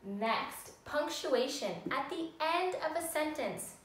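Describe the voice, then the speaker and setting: Slow, high-voiced woman teacher in echoey room. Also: lively intonation, recorded from a distance. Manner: slow, patient, sing-song teaching tone. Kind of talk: recorded classroom lesson for young children.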